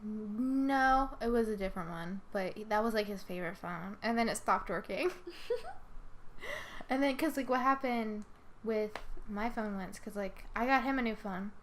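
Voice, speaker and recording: A woman's voice: medium pitch, moderate pace, slight background noise. A woman hosting a podcast in casual chat, telling long, rambling stories full of swearing and acted-out quotes. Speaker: podcast host.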